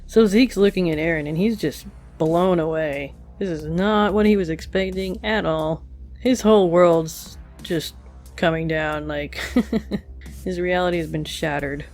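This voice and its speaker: A reviewer talking casually through an anime episode while drawing, thoughtful and musing, with hesitant fillers. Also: medium pitch. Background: faint background music.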